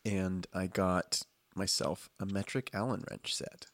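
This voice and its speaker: A man's voice: low-pitched, fairly even intonation, unhurried, no echo. A man running a casual tabletop game as game master, joking, laughing often, and hesitating with fillers.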